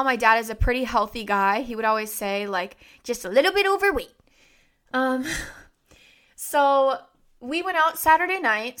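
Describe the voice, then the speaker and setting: A young woman hosts a podcast, telling a personal story conversationally and filling it with "like" and other fillers. Her voice is fairly high, fairly bright and clean.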